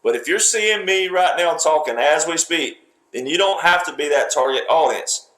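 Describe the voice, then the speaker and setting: A man's voice: a little high, moderate pace, a bit bright. A man giving political commentary in an emphatic, lecturing way, repeating himself and talking in fragments. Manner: emphatic, repetitive, speaks in fragments. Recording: roomy echo.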